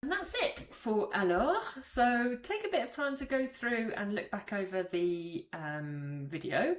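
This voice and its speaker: A woman's voice: mid-range voice, expressive, a little slow, echoey room. A woman teaching French phrases in a chatty, explanatory way, acting out examples. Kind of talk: casual video lesson.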